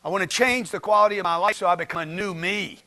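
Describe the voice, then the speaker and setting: A man's voice: sits high, fast, bright, forceful tone. A man giving a blunt, slangy motivational talk to a livestream chat, firing rhetorical questions at his audience. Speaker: motivational speaker.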